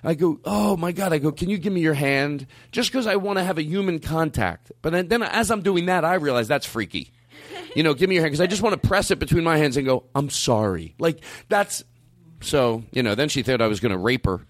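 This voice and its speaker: A fast-talking stand-up comedian, his voice dry, tells an animated story in a casual chat. He rambles, restarting frequently and wandering into asides, and jumps sharply up in pitch to act out his own outbursts. There's no room sound.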